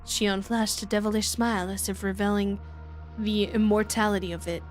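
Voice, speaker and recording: A woman's voice: mid-range voice, steady tone, normal speed, soft background music, close to an everyday voice. Woman narrating as an uneasy teen boy. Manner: plain storytelling narration. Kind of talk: visual novel readalong.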